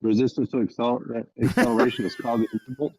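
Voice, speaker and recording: A man's voice: mid-range voice, steady tone, fast talker, dark tone, breathy edge, no echo. A man calling in to a live stream, asking challenging questions. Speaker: caller. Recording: dull lo-fi call line.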